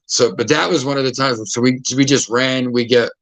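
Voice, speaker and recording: A podcast host tells stories in a loose, casual way. He swears freely and acts out what other people said. His voice sits at an ordinary pitch and sounds dry and close to the mic. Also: steady tone, a little fast, fairly bright tone, no room sound, poor audio. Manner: profane, acts out quoted voices. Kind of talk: casual storytelling.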